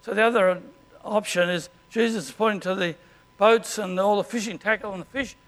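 An Australian man preaching a sermon as pastor, in a conversational way and often clearing his throat. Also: high voice, steady tone, brisk, fairly bright tone.

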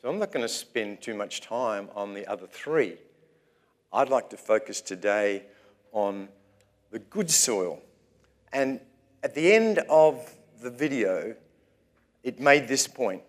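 A man preaching a sermon in a church as its pastor, speaking in measured phrases with pauses between them. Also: medium pitch, animated.

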